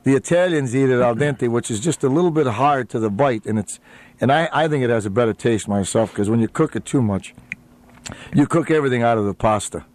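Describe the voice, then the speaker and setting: A man's voice: mid-range voice, brisk, a little mellow. A man who owns a restaurant, talking as a radio guest in a rambling way with lots of uhs and easy laughs. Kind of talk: casual radio interview chat.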